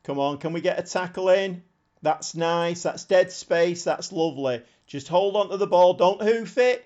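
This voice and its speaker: Excitable male streamer, fairly high voice, slightly muffled lo-fi mic, live match commentary. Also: normal speed. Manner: excitable, shouts at the screen. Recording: slightly dull lo-fi sound.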